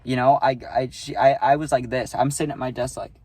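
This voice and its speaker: A man's voice: mid-range voice, steady tone, fairly quick, a little mellow, no echo. A young adult man telling a casual storytime, rambling and profane, often tagging on "right?".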